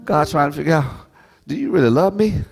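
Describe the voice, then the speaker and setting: A middle-aged man preaching a sermon, swinging from soft asides to shouted, half-sung phrases. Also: a little high, quick pace, vocal fry, faint music behind. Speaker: pastor.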